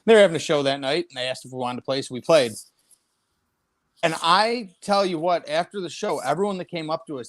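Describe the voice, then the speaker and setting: A man's voice: on the high side, dry recording. A man who plays in a band, a guest on a casual video call, telling stories in a wry, incredulous way. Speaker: guest musician. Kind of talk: casual chat.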